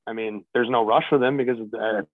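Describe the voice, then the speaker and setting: A man's voice: mid-range voice, fairly even intonation, fairly quick, no room sound. Grumbling man on a tinny line. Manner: grumbling, profane, restarts often. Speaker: podcast co-host. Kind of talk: casual sports chat. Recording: tinny, dry phone-like line.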